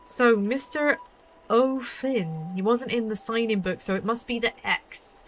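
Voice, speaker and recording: With slight background noise behind her, a woman speaks at a measured pace in a fairly high voice. As a VTuber streaming a mystery game, she keeps up playful, chatty commentary dotted with giggles.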